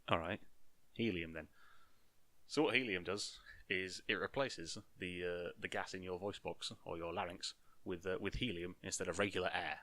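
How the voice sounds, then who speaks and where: A young man talks through a science explanation in a loose, joking way and teases himself as he goes. His voice sits very low. The recording is dry and close, with no room sound. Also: normal speed, sharp tone, no room sound. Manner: jokey, mock-boastful, talks to himself. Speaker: science video host.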